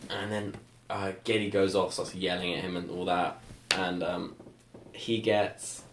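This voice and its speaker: A man's voice: low-pitched, little pitch movement, a little slow, noisy background. A young man telling rambling school stories on a casual podcast, full of "like" fillers and laughter. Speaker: podcast co-host. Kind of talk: casual storytelling chat. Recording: echoey room.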